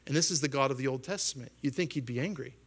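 A man in his thirties preaching a sermon as pastor, talking in an animated way, acting out quoted voices in a raised pitch and often asking his listeners questions. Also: racing, breathy edge. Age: 30s. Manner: asks the congregation questions.

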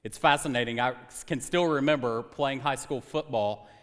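Animated young male pastor in reverb. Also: mid-range voice, normal speed. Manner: animated, conversational preaching with humor. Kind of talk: sermon. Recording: long hall reverb.

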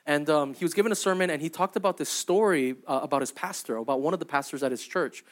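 A man's voice: a little high, fast talker. A young adult man preaching a sermon as pastor, in a conversational, storytelling way that keeps checking in with "right?" and "okay?". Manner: acts out quoted voices in anecdotes.

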